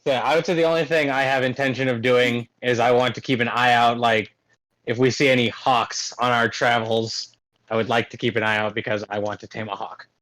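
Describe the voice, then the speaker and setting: A man's voice: mid-range voice, level tone, fairly quick, a bit bright, no echo, poor audio. A young man playing a tabletop game, thinking aloud hesitantly. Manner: hesitant, filler-heavy planning. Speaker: player.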